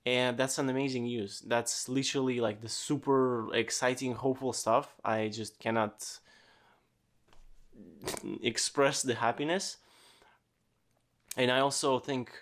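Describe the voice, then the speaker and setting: A man hosting a casual solo podcast, rambling with lots of fillers and swearing freely. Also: mid-range voice. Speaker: podcast host.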